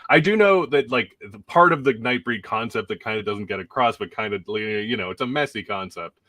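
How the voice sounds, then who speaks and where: Laughing, rambling man, bright tone. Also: fairly low pitch, expressive, a little fast, no echo. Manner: rambling, laughs often while talking. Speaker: podcast host. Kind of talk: casual chat about a film.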